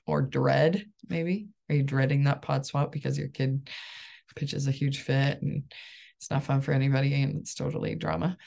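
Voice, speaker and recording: Low gravelly woman coach chatting along, upbeat, laughs a lot. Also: little pitch movement, moderate pace, a little mellow. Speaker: life coach and support group host. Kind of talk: casual solo coaching talk.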